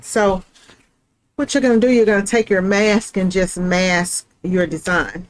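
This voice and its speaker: A woman's voice: medium pitch, a little slow, rough recording. A middle-aged woman, hosting a live print-shop stream in a chatty, folksy way and talking straight to her viewers. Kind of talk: casual live craft demonstration.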